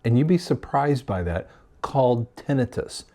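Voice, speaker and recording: A man who works as a hearing clinic doctor, explaining a health topic to camera in a casual, conversational way, with many fillers and pauses. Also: mid-range voice, animated.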